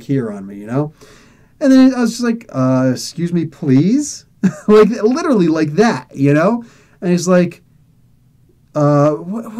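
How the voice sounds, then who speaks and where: A man hosting a podcast who tells a story in a casual, animated way, acting out the dialogue and laughing often. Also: high-pitched. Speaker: podcast host.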